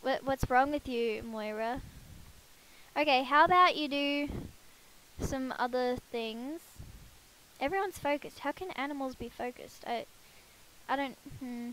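A woman's voice: high voice, unhurried, fairly bright tone, low-quality recording. A woman giving casual, chatty commentary while playing a life-sim game, talking to her characters and poking fun at herself. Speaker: let's play gamer. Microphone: headset.

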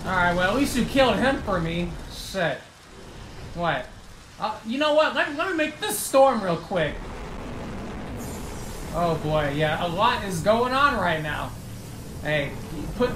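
A man giving excitable gameplay commentary, trash-talking opponents and swearing a lot. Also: high-pitched. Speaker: gaming YouTuber. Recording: roomy echo with faint noise.

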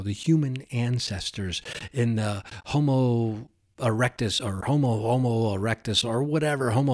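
A man carries a solo podcast in a loose, wandering monologue. His voice sits at an ordinary middle pitch. He drifts from idea to idea, breaks into excited outbursts and laughs at his own tangents. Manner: digressive and excitable, with bursts of exclamation and self-mocking asides. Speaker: podcast host.

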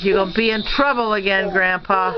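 A woman plays along with a children's make-believe game, mock-scolding and teasing in a sing-song way. The home video sounds muffled. Steady background noise runs under her voice. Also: mid-range voice, fairly quick. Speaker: family member filming children at play. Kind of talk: playful home video chat. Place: room in a family home.

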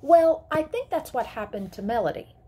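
A woman voicing a protective mother who speaks in a firm, controlled, sharp way while reading a story aloud. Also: high voice, animated, moderate pace, background noise, voice pushed up. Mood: tense. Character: fierce protective mother of a disabled girl.

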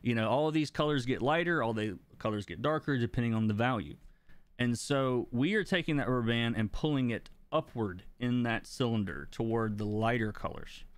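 A man streaming a coloring lesson from his desk, walking viewers through his thinking and answering chat as he goes. His voice is smooth and resonant, and the sound is close and dry with no room echo. He keeps an easy, explanatory manner and chuckles now and then. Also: medium pitch, brisk. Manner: relaxed, explanatory, laughs between points. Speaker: comic book colorist and teacher. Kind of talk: live-stream art lesson, reading chat.

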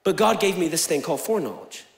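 A young male pastor with a high voice and vocal fry preaches quickly in a large church hall where every word echoes off the walls. He jokes and teases, builds to loud, emphatic proclamations, then drops to near-whispered asides. His energetic sermon stays lively and theatrical throughout.

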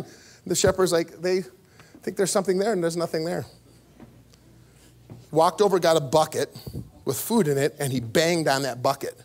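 Male pastor, high voice, storytelling sermon, voice leaps up when excited. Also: fairly quick, a little hiss or hum. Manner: storytelling with sudden pitch jumps and laughs. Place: church.

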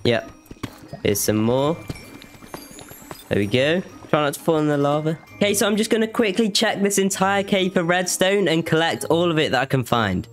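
A man's voice: on the high side, big pitch swings, moderate pace, soft background music. Chatty young-sounding gaming commentator man. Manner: chatty, exclaims and panics when mobs attack. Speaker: gaming YouTuber. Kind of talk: Minecraft let's-play commentary.

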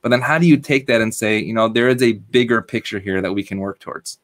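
A man's voice: on the low side, fast talker, fairly bright tone. A man, a rabbi, hosting an interview and asking long, conversational questions.

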